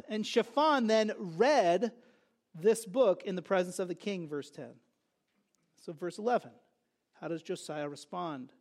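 A man teaching through a Bible passage verse by verse, in a conversational, animated way, asking and answering his own questions. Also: high voice.

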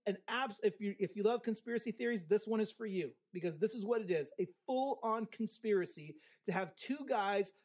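A preacher teaching through a passage verse by verse, reading it aloud and then unpacking it in plain talk. The delivery is casual and humorous, with quick modern asides and a habit of checking in with "right?". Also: mid-range voice, a little mellow. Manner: conversational, with frequent "right?" asides. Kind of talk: expository sermon with scripture reading.

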